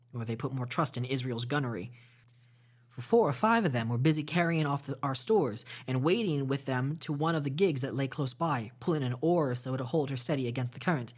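A podcast host of medium pitch reads a classic novel aloud as storytime narration, steady and measured but with small slips.

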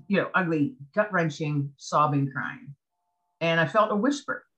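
A woman's voice: on the low side, a bit bright, highs cut off. A woman as an interview guest, telling her personal faith testimony earnestly and acting out her own past thoughts as she goes.

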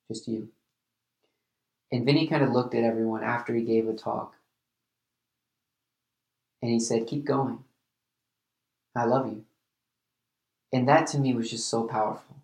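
Earnest man with a gravelly, flat voice. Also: mid-range voice, echoey room. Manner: earnest, halting with repeated restarts. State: emotional at times. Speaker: podcast host. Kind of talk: reflective solo podcast monologue.

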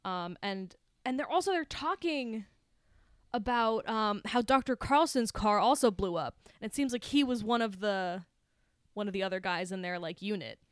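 Female podcast co-host, casual animated film recap; smooth, dry and close. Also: medium pitch, normal speed, no room sound. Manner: animated retelling with quoted voices, swearing. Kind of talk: casual movie recap chat.

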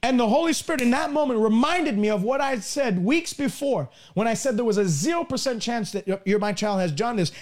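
A man with a high voice preaching a broadcast sermon. He tells a personal story earnestly and often repeats words as he builds toward his point. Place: lives in Canada.

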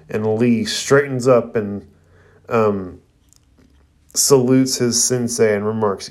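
A man's voice: mid-range voice, level tone, unhurried, a little mellow. A man reviewing an anime episode, retelling the scenes in casual recap narration. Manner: retelling scenes with "you know" and "uh" fillers.

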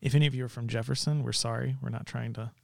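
A man's voice: mid-range voice, fairly even intonation, quick pace, creaky, background noise. A man co-hosting a casual chat, adding wry joking asides. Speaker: podcast co-host.

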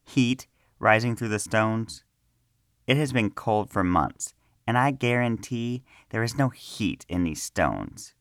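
A man's voice: fairly low pitch, animated, slow pace, no echo, studio quality, voice pushed up, exaggerated voice. A man voicing an arrogant young male villager who mocks and scoffs in a storybook reading. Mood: taunting. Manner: taunting, loud and scornful.

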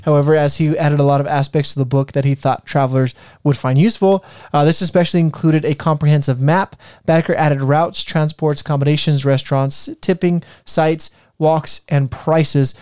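A man's voice: on the high side, fairly even intonation, moderate pace, few pauses, mellow, clean tone, dry recording, studio quality. A man co-hosting a casual history podcast, reading from notes with many fillers and restarts. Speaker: podcast co-host presenting history.

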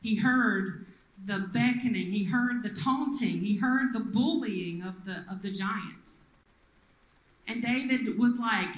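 A woman's voice: on the high side, slow pace, roomy sound, low-quality recording. A woman pastor, preaching a sermon and retelling the story with acted voices. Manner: storytelling, acts out the quoted people.

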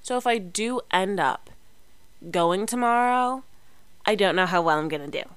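A woman's voice: medium pitch, moderate pace, clean tone, dry recording. A young woman chatting casually to her camera, rambling with many fillers and restarts. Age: young adult. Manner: chatty, rambling, lots of fillers and self-corrections. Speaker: vlogger.

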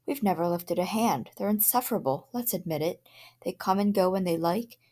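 A woman voicing an anxious middle-aged father in a storybook reading, worried and firm, sometimes hushed. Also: on the low side, expressive, brisk. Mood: uneasy.

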